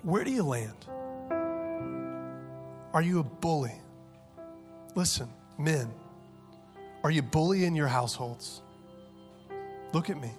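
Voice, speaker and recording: A man in his thirties preaching a sermon with passion, dropping to hushed tones and then rising to loud, urgent peaks. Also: fairly high pitch, animated, slow pace, long pauses, over music. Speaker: pastor.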